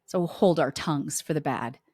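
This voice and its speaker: A middle-aged woman with a fairly low voice, recorded close and dry. She talks casually to her listeners as a podcast host. She tells family anecdotes in a chatty way and slips into the voices of the people in them. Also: moderate pace, a little mellow, breathy edge, dry recording. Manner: chatty storyteller who acts out family dialogue.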